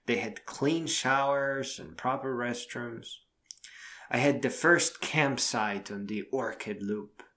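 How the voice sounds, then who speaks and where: A man telling a spooky-season anecdote as a storyteller, expressive and drawn out, slowing down for effect. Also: medium pitch. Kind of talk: spoken anecdote told as a story.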